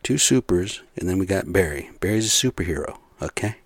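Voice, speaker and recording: A man with a deep, low voice rants casually to his viewers. He rambles, swears freely and keeps firing rhetorical questions. The recording is dry, with no room sound. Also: animated, brisk, slightly rough, no room sound. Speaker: vlogger. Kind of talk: casual profane rant to camera.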